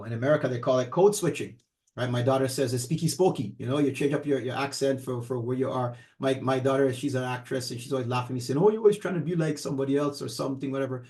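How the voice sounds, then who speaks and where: A man's voice: medium pitch, steady tone, quick pace, darkish tone. A middle-aged man co-hosting a casual talk show, rambling on with many fillers. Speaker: podcast co-host. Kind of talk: casual chat.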